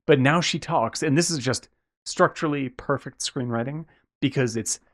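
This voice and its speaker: A man's voice: medium pitch, normal speed. A man co-hosting a podcast, chatting casually about a film and acting out lines from it as he retells the story. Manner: animated, acts out characters' lines mid-story; swears casually. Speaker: podcast co-host.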